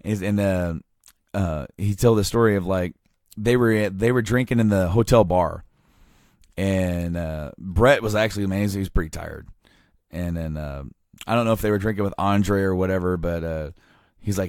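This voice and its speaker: A man with a low voice tells a long anecdote on a podcast, acting out each quote as he goes. His talk is loose, with plenty of fillers. The sound is dry and close, with no room around it. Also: normal speed, no room sound. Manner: animated storyteller, acts out quotes with many fillers. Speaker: podcast co-host. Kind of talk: casual storytelling chat.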